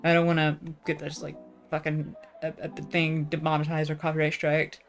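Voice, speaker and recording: A woman's voice: low voice, completely flat delivery, moderate pace, soft background music. A young woman chatting casually on her vlog, rambling, self-deprecating and swearing freely with lots of fillers. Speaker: vlogger.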